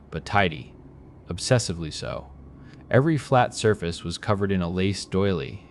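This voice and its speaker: A man giving a measured, deliberate, scripted horror narration. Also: low-pitched, slight background noise.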